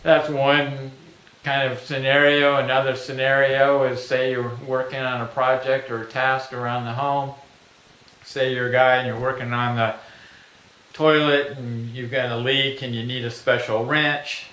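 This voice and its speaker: A middle-aged man pitching his own invention in a plain, folksy way, acting out little everyday scenes. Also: level tone, measured pace, bright, forceful tone. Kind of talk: product pitch video. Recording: echoey room.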